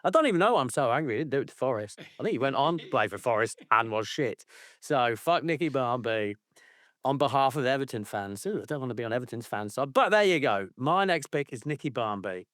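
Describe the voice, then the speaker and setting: A man's voice: medium pitch, sing-song, fairly quick, a bit bright, dry recording, studio quality. A man co-hosting a football podcast, ranting in a casual, sweary way and slipping into mocking voices. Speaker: podcast co-host.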